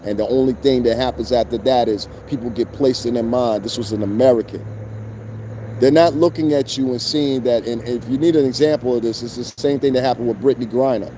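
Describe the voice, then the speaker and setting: A man's voice: medium pitch, steady tone, fast, hardly any pauses, dark tone, slight background noise. A man hosting a show, ranting in blunt, profane commentary with rhetorical asides to his listeners. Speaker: show host. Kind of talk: unscripted commentary rant.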